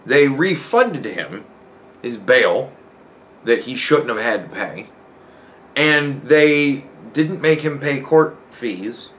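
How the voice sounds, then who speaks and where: A man hosting a podcast, telling a story in a casual, profane, animated rant and laughing often. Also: mid-range voice. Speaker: podcast host.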